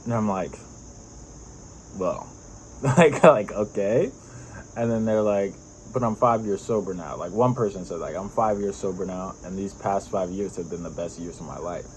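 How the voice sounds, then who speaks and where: A man's voice: low-pitched, normal speed, a little hiss or hum, poor audio. A young man vlogging, telling a personal story in a rambling way, full of fillers and laughs.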